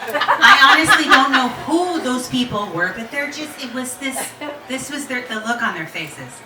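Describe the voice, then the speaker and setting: A woman in her forties telling a personal story to a live audience, candid and animated, laughing and swearing freely. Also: high voice, normal speed, echoey room, recorded from a distance, noisy background. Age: 40s.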